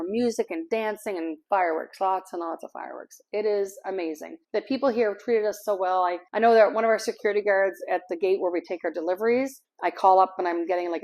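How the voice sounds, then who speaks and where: A woman's voice: mid-range voice, a little mellow. A middle-aged woman from Canada, chatting casually to camera as an expat vlogger, rambling a little and laughing easily.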